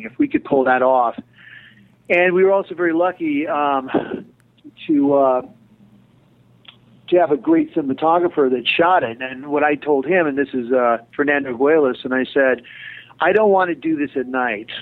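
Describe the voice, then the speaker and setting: A middle-aged man, a television director, giving chatty, digressive interview answers with a joking streak. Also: mid-range voice. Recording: tinny phone-line audio.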